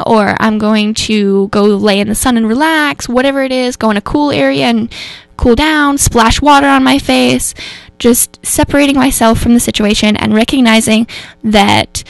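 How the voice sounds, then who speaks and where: A woman's voice: on the high side, vocal fry, dry recording. A woman hosting a radio show, talking in a rambling, earnest way about coping with emotions, full of fillers and self-corrections. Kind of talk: casual spoken reflection on mental health. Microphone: radio studio microphone.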